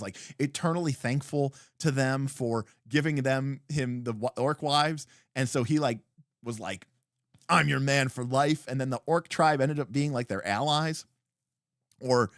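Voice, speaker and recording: A man on a livestream talk show telling a tabletop game story in a rambling, animated way, full of fillers and restarts. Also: mid-range voice, no echo, clean studio sound. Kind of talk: casual livestream chat.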